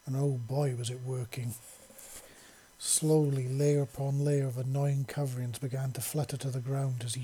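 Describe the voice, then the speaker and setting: A man reading a story aloud at an even, unhurried pace. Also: medium pitch, slightly rough. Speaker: story narrator.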